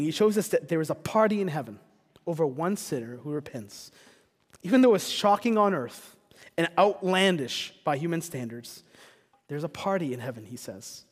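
A man's voice: a little high, expressive, normal speed. A man preaching a sermon as pastor, earnest and rising to passionate rhetorical questions. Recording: long reverb of a church hall.

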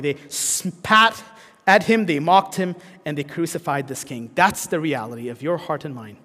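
High-voiced preaching man in a hall. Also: normal speed, a bit bright. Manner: earnest preaching with frequent restarts and fillers. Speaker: pastor. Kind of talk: sermon.

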